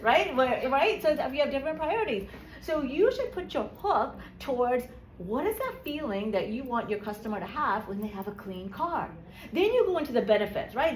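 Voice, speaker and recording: Energetic woman coaching a live workshop. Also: a little high. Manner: energetic, keeps checking in with "right?". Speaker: public speaking coach. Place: workshop room. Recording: echoey room with faint background noise.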